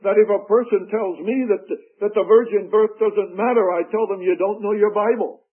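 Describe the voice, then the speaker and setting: A man preaching a radio sermon, emphatic and deliberate, with dramatic pauses between phrases. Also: high-pitched, steady tone, breathy edge. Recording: tinny lo-fi radio broadcast.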